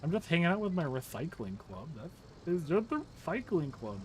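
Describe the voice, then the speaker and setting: A man's voice: very high-pitched, normal speed, fairly bright tone, slight background noise, pitched above the performer's own voice, poor audio. A man voicing a whiny, aggrieved young male truck worker who complains in a sulky, filler-heavy way.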